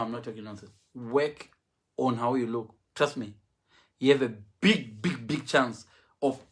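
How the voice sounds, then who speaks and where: A man preaching a humorous sermon, mixing English and Shona and acting out the people he quotes. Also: a little high. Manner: animated, mixes English and Shona, acts out quotes.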